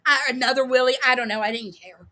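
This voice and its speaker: Bright high-voiced woman streamer. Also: fairly even intonation, fast. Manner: profane, laughing, heated. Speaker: livestream host. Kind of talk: casual commentary stream.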